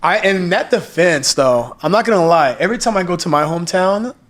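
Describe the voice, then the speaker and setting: A man from Southern Illinois, a podcast host in casual chat, talking in an animated, teasing way. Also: high-pitched, brisk.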